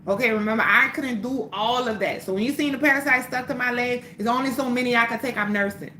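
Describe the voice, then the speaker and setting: A woman's voice: fairly high pitch, fast, sharp tone, reverberant, a little hiss or hum. A woman from New Orleans with a New Orleans accent, hosting a casual livestream, answering viewer questions in a blunt, profane, preachy way and repeating phrases for emphasis. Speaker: livestream host selling herbal teas. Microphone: phone or webcam livestream.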